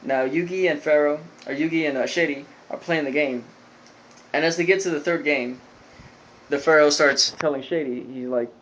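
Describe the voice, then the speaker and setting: A man's voice: on the high side, moderate pace, fairly bright tone, highs cut off, a little hiss or hum. A young man giving a casual, rambling recap of a cartoon episode, full of fillers and "like". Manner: rambling, filler-heavy storytelling with lots of "like". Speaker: video reviewer.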